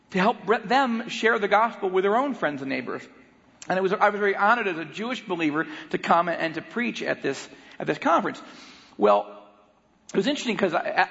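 A man preaching as a guest speaker, telling a story with animated acted-out voices. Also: on the high side, vocal fry. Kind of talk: sermon. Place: church auditorium. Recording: long hall reverb, dull lo-fi sound.

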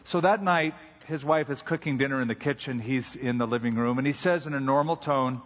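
A man's voice: medium pitch, lively intonation. Man preaching in an echoing hall. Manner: conversational storytelling, unhurried. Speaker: pastor. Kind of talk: sermon. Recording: dull recording with long hall reverb.

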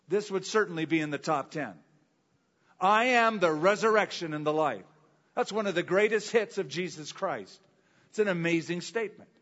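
A man preaching a sermon, reading scripture and asking rhetorical questions with dramatic pauses. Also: sits high, fairly bright tone, big-room sound, highs cut off. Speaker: pastor.

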